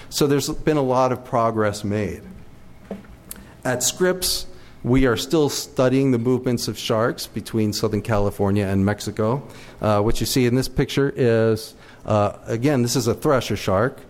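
A man's voice: mid-range voice, darkish tone. Enthusiastic man giving a slide lecture. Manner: friendly, enthusiastic, many fillers and restarts. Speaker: shark research biologist giving a slide talk.

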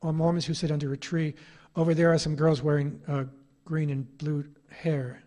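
A middle-aged man lectures to an audience in a wry, ironic storytelling manner. His voice sits a bit higher than most men's. He is an author spinning anecdotes for a crowd. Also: little pitch movement, normal speed, warm tone. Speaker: author giving a talk.

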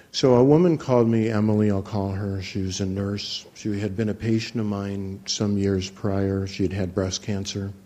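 A man who works as a physician, telling a patient's story in a calm, measured lecture and often restarting his phrases. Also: on the low side. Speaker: physician teaching guided imagery.

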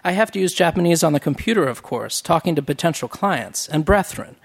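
A man voicing a cheerful, loud office worker who speaks with a labored, exclamatory Jamaican accent. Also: on the high side, lively intonation, fairly quick, creaky, breathy edge, heavily acted. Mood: proud. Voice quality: overloud, gummy, exclamatory.

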